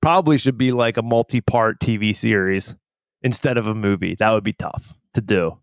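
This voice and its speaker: A man's voice: on the low side, moderate pace, no room sound, clean studio sound. A man co-hosting a podcast, telling a story in a casual chat, laughing often and acting out what people said. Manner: laughs often, animated storytelling with acted-out quotes. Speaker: podcast co-host.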